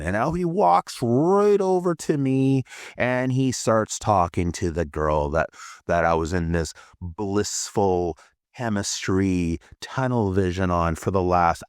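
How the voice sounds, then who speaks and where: A low-voiced man recounts a personal encounter, excitable and profane, his pitch leaping wildly between lines. He speaks close to the mic in a dry, dead room. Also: dry recording. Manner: excitable, swearing, lots of fillers. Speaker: podcast host. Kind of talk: personal storytelling.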